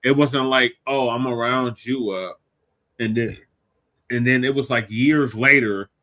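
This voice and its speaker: A man's voice: mid-range voice, a little slow, sharp tone, no echo. A man co-hosting a heated live-stream debate, blunt, mocking and argumentative. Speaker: co-host.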